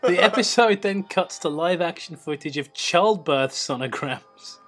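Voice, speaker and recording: A man's voice: on the high side, a little slow, soft background music. A man hosting a comedic show, reading a story aloud and stopping to mock its writing. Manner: reads aloud, breaks off to mock the text. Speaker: host reading stories aloud.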